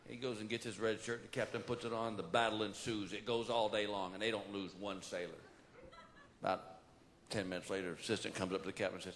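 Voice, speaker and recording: A male comedian setting up a joke briskly at a live show. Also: fairly low pitch, fairly even intonation, a bit bright. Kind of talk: stand-up joke telling. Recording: live show with faint crowd and noise.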